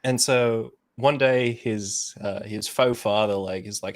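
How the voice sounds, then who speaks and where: A man's voice: mid-range voice, fairly even intonation, measured pace. A man chatting casually on a podcast, retelling a story loosely with lots of swearing and laughter. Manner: loose, profane, laughs often while telling. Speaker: podcast co-host. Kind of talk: casual chat, retelling a show.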